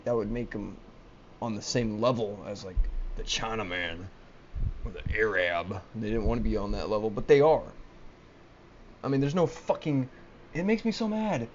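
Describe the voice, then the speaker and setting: A man's voice: lowish voice, normal speed, pauses often, a little mellow, lo-fi sound, a little hiss or hum. A young man ranting alone to a webcam, agitated, swearing often and stumbling over his words. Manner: agitated, swearing, restarts and stammers. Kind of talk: rambling solo rant to camera. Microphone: laptop webcam mic.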